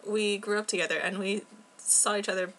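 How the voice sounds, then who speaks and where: Young woman vlogging from home, bright clear voice, kinda rambly and scattered, lots of ums. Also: mid-range voice, fairly even intonation, fairly quick. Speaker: book club vlogger. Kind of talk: casual video blog chat.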